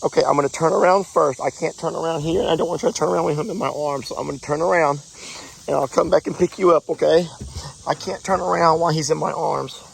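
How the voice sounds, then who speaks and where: A man's voice: fairly high pitch, fairly even intonation, fast talker, creaky, slight background noise. A man, talking on an emotional farm vlog, cooing tenderly at an injured animal and choking up as he talks to viewers outdoors at night. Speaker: goat farmer vlogger.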